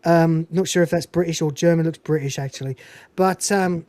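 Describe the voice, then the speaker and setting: A woman's voice: sits low, normal speed, no room sound. A woman hosting a podcast, giving a casual, swearing-filled, digressive recap of a film scene. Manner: animated, profane, digressive. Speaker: podcast host.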